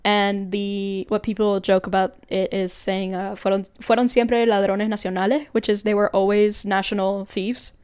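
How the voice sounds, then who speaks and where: A woman's voice: mid-range voice, level tone, moderate pace, hardly any pauses, darkish tone, clean tone. A young woman from Tennessee co-hosting a podcast in casual chat, rambling and giggling as she searches for words. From Tennessee, United States. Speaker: podcast co-host.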